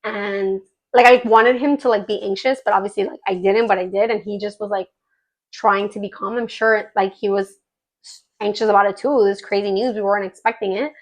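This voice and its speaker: A woman's voice: mid-range voice, fairly even intonation, a little fast. A woman in her thirties hosting a podcast, telling a personal story in a chatty, emotional way, with lots of fillers. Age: 30s. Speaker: podcast host.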